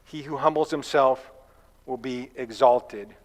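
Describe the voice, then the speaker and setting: A man's voice: mid-range voice, measured pace, a little mellow. A man preaching a sermon in a church, talking in a conversational, folksy way with asides and a told fable. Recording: long reverb of a church hall.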